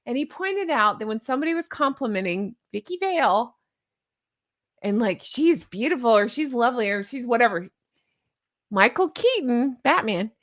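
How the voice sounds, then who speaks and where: A woman's voice: a little high, a bit bright, no room sound, studio quality. A woman hosting a casual livestream, chatting and joking with viewers. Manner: chatty, jokey, greets viewers. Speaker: host of a commentary channel.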